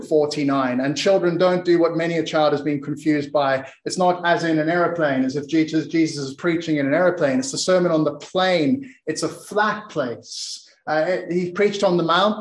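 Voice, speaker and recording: Earnest preacher man in an echoey room. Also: a little high. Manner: earnest, repeats words with frequent restarts. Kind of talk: sermon.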